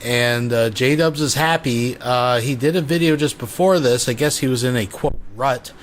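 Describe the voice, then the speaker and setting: Man, mid pitch, faint background hiss, sarcastic, offhand commentary. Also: normal speed. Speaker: commentary channel host. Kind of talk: commentary over a replayed stream.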